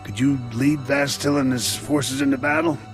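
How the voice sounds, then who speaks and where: Gruff male base commander. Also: medium pitch, fairly even intonation, normal speed, soft background music. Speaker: military commander. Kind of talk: game cutscene voice acting.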